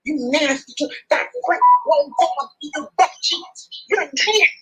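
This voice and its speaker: A woman's voice: high voice, a little slow, faint music behind, rough recording. A woman on a live stream roasting someone with mocking insults. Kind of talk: trash-talking roast.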